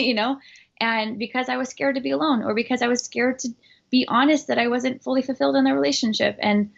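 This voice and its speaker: A woman speaks as a guest on a podcast, earnest and emphatic, peppering her talk with fillers and restarts. Her pitch sits in a middle range. The recording sounds a little dull and lo-fi. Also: a bit bright. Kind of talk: casual interview talk.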